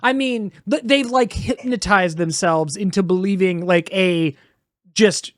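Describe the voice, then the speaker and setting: A woman co-hosting a casual comedy podcast, riffing crudely in drawn-out phrases. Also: mid-range voice, dry recording, clean studio sound. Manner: drawn-out, crude, laughing riffs. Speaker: podcast co-host.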